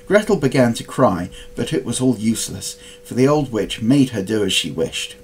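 Guy reading a fairy tale out loud, really lively pitch, faint hum behind. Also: normal speed, hardly any pauses, rough recording. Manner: expressive, dramatic. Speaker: storybook reader. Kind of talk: storybook reading.

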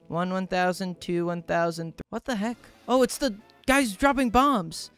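A man giving casual let's play commentary on a game, animated and quick to yelp and laugh. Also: high voice, clean tone, soft background music. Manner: animated, yelps and laughs, swears in surprise. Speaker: gaming YouTuber.

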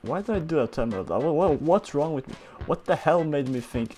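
A man giving casual, playful, chatty commentary while playing a cartoon life-sim game, easily excited and swearing freely. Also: a little high, fast, hardly any pauses. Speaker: gaming streamer. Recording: game music behind.

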